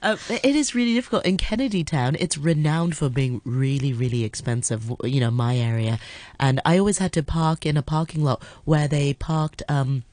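Low-pitched woman chatting casually, explains words, laughs a lot, dry close sound. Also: normal speed, a little mellow, dry recording. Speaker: co-host. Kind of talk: casual chat. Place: home.

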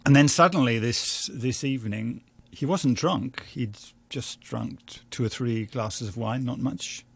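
An older man, a journalist and writer from London, telling a family story in an interview at a measured, reflective pace. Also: medium pitch, creaky, slightly rough. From London, England. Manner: measured, anecdotal, with small restarts and light laughs.

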